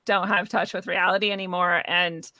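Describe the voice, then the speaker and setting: A young woman talks through a long personal story with a bright, tense edge to her voice. She laughs often and slips into other people's voices when quoting them. The sound is dry and close, with no room echo. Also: fairly low pitch, normal speed. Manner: animated, laughs often, acts out quoted voices. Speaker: guest. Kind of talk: conversational storytelling.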